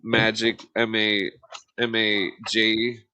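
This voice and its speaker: A man's voice: on the low side, flat delivery, slow, bright, forceful tone, slight background noise. A man co-hosting a podcast in loose, profane casual chat, laughing often. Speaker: podcast co-host.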